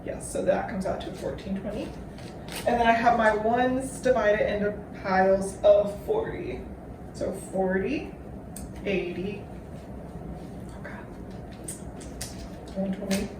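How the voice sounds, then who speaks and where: A young woman hosting a casual vlog. She swears freely and counts aloud in a low voice. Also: fairly even intonation, takes it slowly, pauses often. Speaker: vlogger host. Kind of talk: casual chat to camera. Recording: roomy echo, from far off, faint noise.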